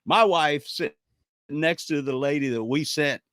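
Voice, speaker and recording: Animated man telling a story, dry sound. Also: fairly high pitch, normal speed, no echo. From Jacksonville, Florida. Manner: animated storyteller acting out quotes. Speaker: podcast co-host. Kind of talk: casual storytelling chat.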